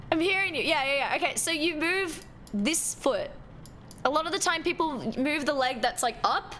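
A woman streams a game live and chats playfully with her viewers. Her voice sits a little high, with light, easy banter. A faint hiss runs underneath. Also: lively intonation, a little slow, long pauses, bright, forceful tone. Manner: playful, chatty, talking to chat. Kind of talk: casual live-stream chat.

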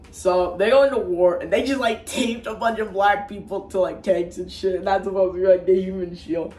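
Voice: medium pitch, a little mellow, far from the mic. Rambling, profane movie-recap voice in an echoey room. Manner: rambling, crude and profane, with restarts. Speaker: movie reviewer. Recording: roomy echo, faint background ambience.

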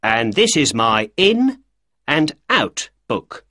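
A man voicing an angry male shopkeeper in a storybook reading, gruff and shouting. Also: mid-range voice, big pitch swings, takes it slowly, dry recording, clean studio sound, heavily acted.

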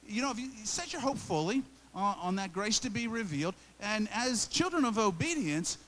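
A man's voice: high-pitched, lively intonation, moderate pace, fairly bright tone, slight background noise. A male pastor preaching a sermon in a conversational, emphatic way, often repeating and restarting phrases.

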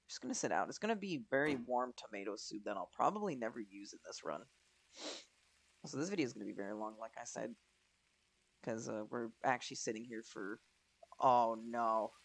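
A man's voice: mid-range voice, creaky, a bit bright. A young man giving casual let's-play commentary, chatty, swearing and talking to himself as he plays. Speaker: gaming commentator.

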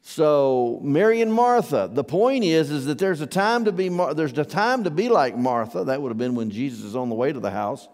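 A man's voice: on the high side, expressive, normal speed, hardly any pauses, a little mellow, big-room sound. A man preaching a sermon as pastor, conversational and asking his congregation questions. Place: church hall.

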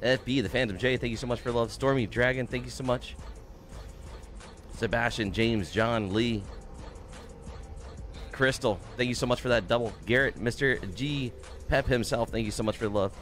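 A man's voice: medium pitch, moderate pace, long pauses, a bit bright, soft background music. A young man streaming a game, chatting casually and upbeat, greeting viewers by name and swearing now and then. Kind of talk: casual live-stream chat.

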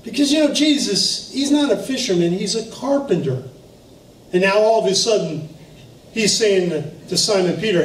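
Man, pastor, storytelling sermon, high voice, echoey hall, mic set back. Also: normal speed. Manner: storytelling, animated, with laughs. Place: church sanctuary. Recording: echoey room from far off, faint noise.

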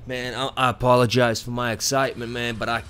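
A man giving excited gameplay commentary, cheering and whooping at his wins. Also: mid-range voice, quick pace, slight background noise. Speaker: gaming commentator.

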